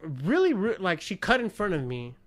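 A man's voice: sits high, huge pitch swings, normal speed, a bit bright. A man in his thirties telling a bar story in casual chat, acting out the quotes, laughing and swearing freely. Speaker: podcast co-host.

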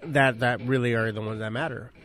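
A man chatting casually on a podcast about relationships, cursing freely and telling stories with sudden loud outbursts. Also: medium pitch, fairly quick. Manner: profane, animated storytelling with sudden shouted outbursts.

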